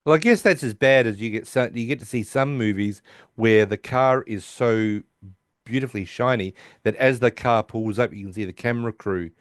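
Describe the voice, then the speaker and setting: A male podcast host casually retells a TV episode, rambling, restarting his sentences and quoting characters' voices. He speaks at a normal speed in a mid-range voice. The studio recording is clean, with no echo.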